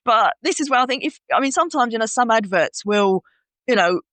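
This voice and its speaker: A woman's voice: on the high side, expressive, fairly quick, fairly bright tone, no room sound. A woman co-hosting a podcast in casual chat, acting out her inner voice in little quoted scenes. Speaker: podcast co-host.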